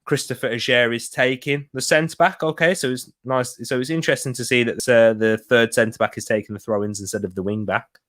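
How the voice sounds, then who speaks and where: A man's voice: medium pitch, steady tone, a little fast, a bit bright. A young man talks through a live football match for his viewers. He chats casually, laughs easily and answers comments as he goes. His voice sits in an ordinary middle range. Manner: chatty, laughs often, reads out viewer comments. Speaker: watch-along host.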